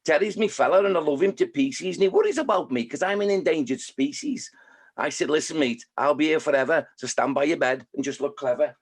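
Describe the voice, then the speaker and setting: A man's voice: a little high, animated, a little fast, slightly rough. A man voicing a down-to-earth female newt, reciting a rhyme. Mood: cheerful, chatty. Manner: chatty rhyming recital.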